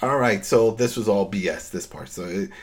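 Podcast guy, low husky voice, chatty recap, does the characters' lines. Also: moderate pace. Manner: animated, acts out characters' lines. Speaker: podcast host. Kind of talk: casual recap chat.

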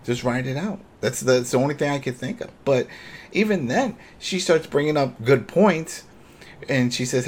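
Animated man recapping a show. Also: mid-range voice, moderate pace, a little hiss or hum. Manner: animated retelling, acts out characters' lines. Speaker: podcast co-host. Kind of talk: casual recap chat.

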